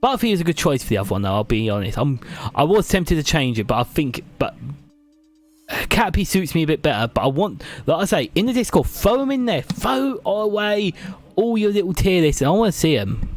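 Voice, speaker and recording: Lively British streamer with a high voice. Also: male voice, brisk, faint music behind. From Britain. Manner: chatty, jokey, reads and answers chat. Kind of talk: live tier-list chat with viewers.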